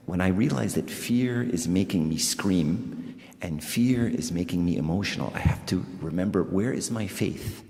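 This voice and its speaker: A man delivers a sermon in a chatty, animated way, often repeating himself for emphasis. His voice rings through a large church with a long, hanging reverb. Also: low-pitched, gravelly. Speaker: priest.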